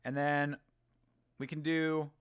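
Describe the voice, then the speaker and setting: Casual male host, slightly high voice, sarcastic and salty, dry close mic, live watch-along. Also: slow pace, smooth, dry recording. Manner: animated, profane, sarcastic, laughs often. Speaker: show host.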